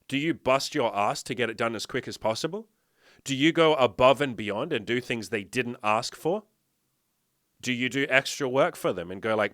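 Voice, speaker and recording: A man's voice: mid-range voice, fairly bright tone, dry recording, studio quality. Blunt, swearing man lecturing viewers. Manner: blunt, profane, emphatic lecturing; addresses viewers directly with rhetorical questions. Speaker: dating and fitness coach. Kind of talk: direct-to-camera motivational talk.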